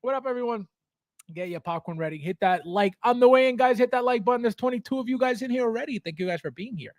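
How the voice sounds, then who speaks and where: A man with an extremely high-pitched, expressive, fast voice hosts a casual livestream from his home basement. He greets viewers by name, reads chat aloud, and laughs often, in studio-quality audio with no room sound.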